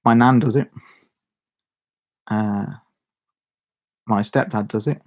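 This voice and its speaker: A man's voice: fairly low pitch, fairly even intonation, slow, a little mellow. A young man with a Shropshire accent chatting casually to his channel's viewers, rambling, restarting sentences and chuckling. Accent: Shropshire English. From Shropshire, England. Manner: rambling, self-interrupting, chuckles a lot. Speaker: YouTuber. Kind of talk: casual chat to camera.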